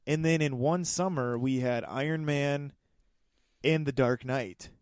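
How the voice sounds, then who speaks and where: A man's voice: mid-range voice, unhurried, smooth, no room sound, studio quality. A man co-hosting a casual movie podcast, rambling through his thoughts with frequent restarts. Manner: rambling, restarts, laughs often. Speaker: podcast co-host.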